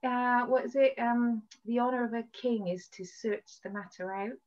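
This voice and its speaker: Animated woman telling a story on a lo-fi call. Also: on the high side, moderate pace. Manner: animated storytelling, acts out quoted voices. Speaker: podcast host sharing a testimony. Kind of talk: casual video-call conversation. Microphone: video call. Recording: dull lo-fi video-call audio.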